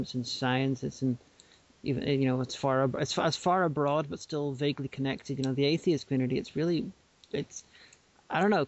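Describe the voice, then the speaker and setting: A woman's voice: rumbling low, dull audio. A woman co-hosting a casual podcast chat, playfully dropping showy vocabulary. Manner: playful, tries out fancy words. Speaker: podcast co-host.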